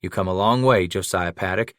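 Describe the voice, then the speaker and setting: A man doing a gruff old mountain-man trapper. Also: low-pitched, fairly quick, a bit bright, no echo, clean studio sound. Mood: subdued. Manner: backwoods frontier dialect, gruff.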